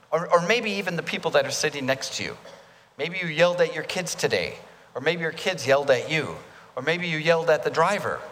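In a space with long hall reverb, a male pastor delivers a conversational sermon and asks the congregation questions. His voice is fairly high in pitch and a bit bright.

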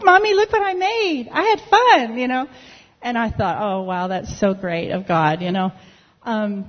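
A woman telling a lively story in church, acting out the people she quotes. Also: mid-range voice. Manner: lively, animated retelling with quoted dialogue. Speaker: church member sharing a testimony. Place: church sanctuary. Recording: dull audio with long hall reverb.

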